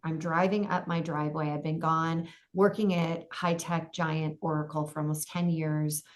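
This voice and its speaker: Middle-aged woman, lower voice, dramatic storyteller as podcast guest. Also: fairly even intonation, moderate pace. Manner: vivid, dramatic storytelling with acted-out inner voices.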